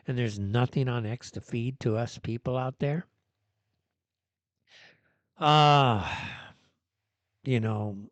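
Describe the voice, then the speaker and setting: A man's voice: medium pitch, no room sound. A man hosting a solo live-stream commentary show, ranting and sarcastic, with many fillers and restarts. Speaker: host.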